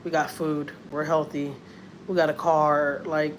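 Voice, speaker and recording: A woman with a drawl talks in a fairly low voice, telling a personal story in a casual, earnest way. She loops back over her points and repeats phrases as she goes. Faint ambient noise sits under her voice. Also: flat delivery, measured pace. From Houston, Texas. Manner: chatty, earnest, repeats herself. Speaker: family vlogger.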